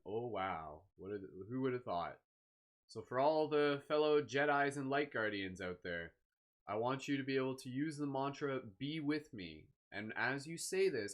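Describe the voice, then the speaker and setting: A man guides a live meditation in a slow, soothing way, gently encouraging his listeners. His voice sits at an everyday middle pitch. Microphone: live stream microphone.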